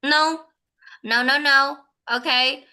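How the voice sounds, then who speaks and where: Slow bright-voiced Vietnamese woman tutor. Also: high voice, steady tone, poor audio. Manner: slow, repeats and corrects herself. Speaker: English speaking tutor. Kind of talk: online one-on-one lesson.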